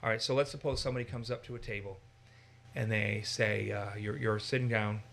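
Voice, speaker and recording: An American man teaching in a casual discussion, animated and given to acting out voices in his examples. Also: fairly low pitch, a little fast, creaky, slight background noise. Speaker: Bible teacher.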